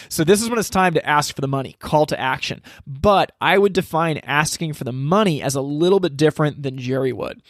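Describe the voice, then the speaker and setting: A man teaching a step-by-step sales process in casual, energetic talk, acting out lines he would say to customers. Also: fairly high pitch, dry recording, clean studio sound. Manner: energetic, acts out customer dialogue, frequent restarts. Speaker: sales trainer.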